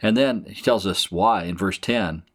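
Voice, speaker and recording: A man's low, slightly bright voice moves a little slowly as he teaches a Bible passage verse by verse. He explains the scripture in plain, conversational terms, acting out the quotes as he goes.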